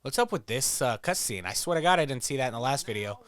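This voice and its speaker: A man's voice: mid-range voice, lively intonation, fast, a bit bright, clean tone, no room sound, clean studio sound. A man giving casual, profane, joking commentary while playing a quiz video game, rambling into stories. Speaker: gameplay streamer.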